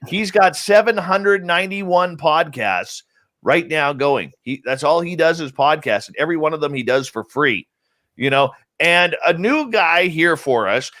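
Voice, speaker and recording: A man's voice: fairly high pitch, fairly bright tone. A man hosting a live radio stream, joking casually as he greets people in the chat room by nickname. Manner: jokey, upbeat, rambling roll call with teasing nicknames. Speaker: radio show host. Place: home studio in central British Columbia.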